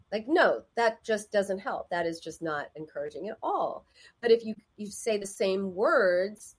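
Give me a husky-voiced woman therapist chatting casually as she gives advice. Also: on the high side, animated, normal speed. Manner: conversational, acts out quoted voices.

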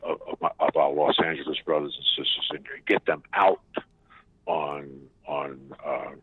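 A man with a very deep voice joins the show over the phone, halting and full of restarts. The line is narrow and dry, with a slightly husky tone. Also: steady tone, no echo. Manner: halting, many repeated starts and fillers. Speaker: phone-in guest. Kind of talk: casual talk-show chat. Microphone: phone call.

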